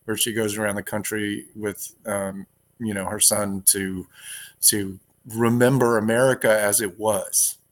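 A man co-hosting a casual political talk show, his voice sitting a little low. He speaks bluntly and swears freely, and his delivery leans into dark humor. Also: little pitch movement, measured pace. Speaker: podcast co-host.

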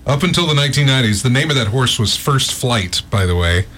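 Man, co-host, casual trivia talk, lively up-and-down pitch, faint background hiss. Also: fast talker. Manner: shares trivia facts, laughs often. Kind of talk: casual radio chat.

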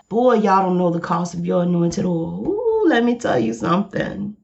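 A woman's voice: fairly low pitch, sing-song, moderate pace, creaky, hardly any pauses, a little mellow, dull audio. A woman pastor with a Southern US accent, preaching passionately on a podcast and repeating her points. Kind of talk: podcast sermon.

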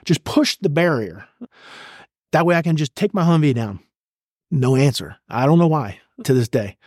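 A man's voice: a little high, expressive, a little fast, no room sound. Middle-aged man, army veteran guest, gritty combat storytelling, swears freely, dry close sound. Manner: blunt, profane and vivid, acting out shouted orders. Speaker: guest, retired army command sergeant major. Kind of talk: intense war storytelling in a podcast interview.

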